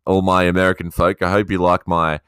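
A man's voice: low voice, little pitch movement, a little fast, a bit bright, clean tone, no room sound, studio quality. A man with an Australian accent hosting his own solo podcast in a chatty, casual way, sometimes voicing his listeners' questions back to himself. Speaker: podcast host.

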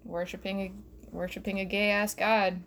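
A woman's voice: mid-range voice, flat delivery, normal speed, fairly bright tone. A young woman doing a profane, rambling comedy rant alone in her bedroom, recorded on her phone, laughing at her own jokes. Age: young adult. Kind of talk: solo stand-up style rant.

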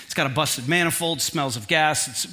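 A middle-aged man preaching from the pulpit in a bright, forceful voice that sits a little high. He tells his story in an animated way, pokes fun at himself and keeps the tone humorous. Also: moderate pace. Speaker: pastor. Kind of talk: sermon with personal storytelling.

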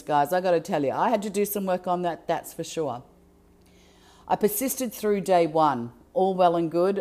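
A woman with a slightly low-pitched voice tells a personal story. She speaks earnestly and with emphasis, and her delivery is heartfelt. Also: a little mellow.

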